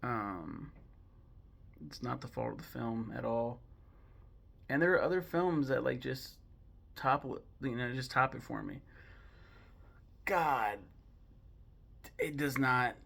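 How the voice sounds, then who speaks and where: Gravelly young man, chatty film ranking. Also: medium pitch, measured pace, long pauses, fairly bright tone. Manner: chatty, digressive, many ums and self-corrections. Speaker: host ranking films. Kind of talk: casual opinionated commentary.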